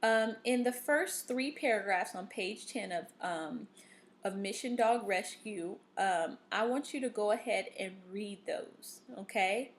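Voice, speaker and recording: Slow, patient woman teaching reading. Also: mid-range voice. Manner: patient, instructive, with frequent fillers and "okay?" checks. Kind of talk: recorded reading lesson.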